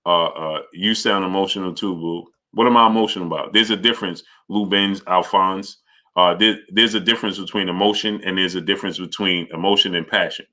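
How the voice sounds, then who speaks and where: A man with a low but bright, forward voice runs a live boxing chat stream. He rattles off viewer names between points and argues back at the chat with conviction. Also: steady tone, fairly quick. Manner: greets viewers by name, argues forcefully. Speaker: boxing channel host.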